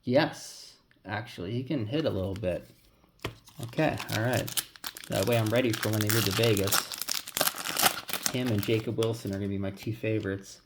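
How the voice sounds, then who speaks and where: A man's voice: fairly low pitch, normal speed, background noise. Casual male card-opening vlogger, mumbling names, loose and rambling. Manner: rambling, mutters names as he flips cards. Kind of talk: casual pack-opening commentary.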